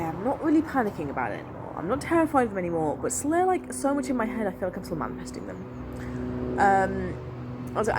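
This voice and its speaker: A woman's voice: on the low side, a little hiss or hum. A young woman, telling a long personal story casually and in a rambling way, full of fillers. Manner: rambling, animated, lots of fillers and "I was like". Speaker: vlogger.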